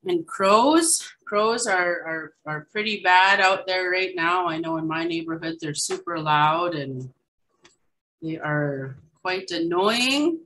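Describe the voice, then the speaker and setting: A woman teaching a language lesson over a video call, repeating each word slowly and adding casual asides. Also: fairly low pitch, big pitch swings, fairly bright tone, a little hiss or hum, poor audio.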